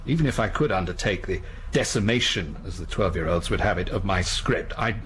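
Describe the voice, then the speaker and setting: An actor playing a pompous, pedantic, grumpy middle-aged writer in a radio sitcom. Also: male voice, low voice, lively intonation, fairly quick, fairly bright tone, slight background noise. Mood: peevish.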